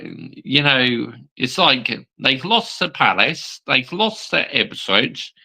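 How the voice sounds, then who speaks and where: A man's voice: mid-range voice, creaky, pushed and bright, rough recording. A young man chatting casually about football on his own channel, swearing freely and repeating "I mean" between points. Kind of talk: casual live-stream football chat.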